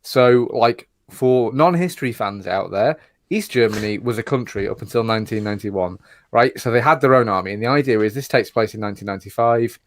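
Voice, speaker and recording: A man's voice: fairly low pitch, fairly quick. A British man co-hosting a podcast, ranting sarcastically in casual chat and swearing. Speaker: podcast co-host.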